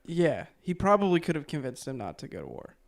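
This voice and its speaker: Podcast host, male, fairly high voice, loose and rambling storyteller. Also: fairly quick, creaky. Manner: relaxed, filler-heavy, chuckles often. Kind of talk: casual storytelling from notes.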